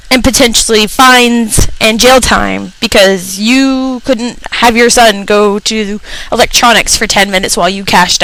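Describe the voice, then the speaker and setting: A woman's voice: fairly high pitch, pushed and bright, rough recording. A young woman radio personality telling a comedic, profane rant about retail customers, acting out the people in her stories. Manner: exasperated, profane, acts out customers.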